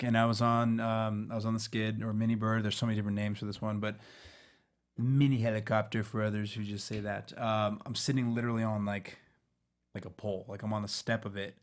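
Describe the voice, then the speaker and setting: Animated male actor telling stories. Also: lowish voice, a little fast. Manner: animated storyteller, slips into playful impressions. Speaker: guest actor. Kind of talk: casual chat.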